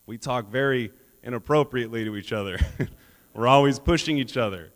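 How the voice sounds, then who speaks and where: A man's voice: mid-range voice, normal speed. A man giving a motivational keynote speech, telling stories with humor and laughing at his own jokes. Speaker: keynote speaker. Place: conference hall stage. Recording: long reverb of a large hall.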